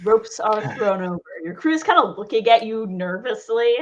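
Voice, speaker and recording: A woman narrating as game master of a tabletop role-playing game, unhurried and amused. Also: a little high, expressive, lo-fi sound.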